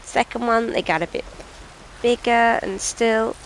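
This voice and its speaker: With a fairly high pitch and an unhurried pace, a British woman casually chats and rambles while streaming a video game, often self-mocking. The recording is rough, with a little hiss or hum.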